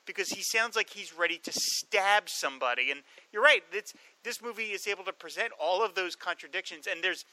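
A man with a very bright, fairly high voice, chatting casually about a movie. He retells scenes with energy and slips into the characters' lines as he goes. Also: fairly quick, hardly any pauses, no room sound, poor audio. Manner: animated storyteller, acts out quoted lines. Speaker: podcast co-host. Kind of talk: casual film discussion.

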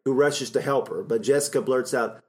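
A man's voice: medium pitch, normal speed. A middle-aged man co-hosting a podcast, chatting casually and recapping film plots with frequent laughs. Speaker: podcast co-host.

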